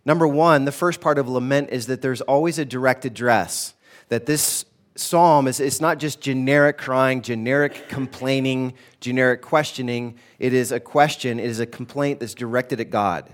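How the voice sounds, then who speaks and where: Guy preaching a sermon, chatty and emphatic, slows way down on the bible quotes. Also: mid-range voice. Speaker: pastor. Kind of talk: sermon teaching on a psalm.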